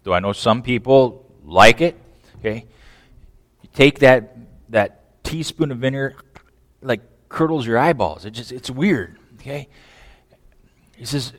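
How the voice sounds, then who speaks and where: A man preaching a sermon in animated style, often repeating words and asking the listeners questions. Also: medium pitch, measured pace, pauses often. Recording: long hall reverb.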